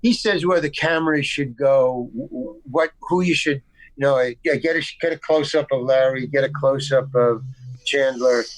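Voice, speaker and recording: A man's voice: mid-range voice, moderate pace, no echo, rough recording. Stammering man telling a story. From United States. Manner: rambling, with frequent restarts and stammers; acts out quoted dialogue in the story. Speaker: guest actor. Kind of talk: casual anecdote storytelling. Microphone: video call.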